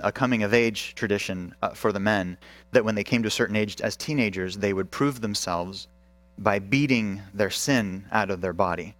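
A male pastor preaching a sermon with emphasis, asking the congregation questions. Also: fairly low pitch.

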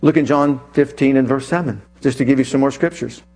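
A male preacher giving an animated sermon, telling a personal story and reading scripture aloud with emphasis. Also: mid-range voice, a little fast.

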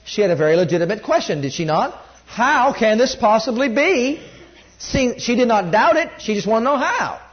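A man preaching a sermon, rising loud on key points and dropping low when quoting scripture. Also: very animated, quick pace, few pauses, muffled recording.

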